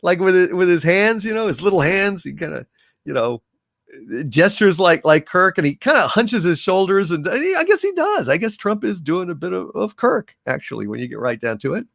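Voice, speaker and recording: Theatrical, lively-pitched male stream host. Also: creaky, no echo, clean studio sound. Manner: theatrical, drifts into recited verse, song and impressions; halting, with many fillers and restarts. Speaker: livestream host. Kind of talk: casual live-stream chat reading super chats.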